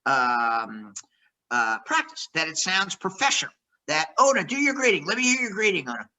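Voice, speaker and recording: A man's voice: high voice, sing-song, normal speed, pushed and bright, poor audio. A man leading a sales workshop, coaching trainees and acting out phone greetings with lots of energy.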